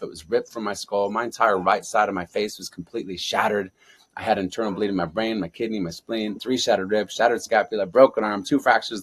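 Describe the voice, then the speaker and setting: A man's voice: fairly low pitch, breathy edge. A man speaking as a guest on an interview show, fervent and preaching, with repeated affirmations. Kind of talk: motivational interview talk.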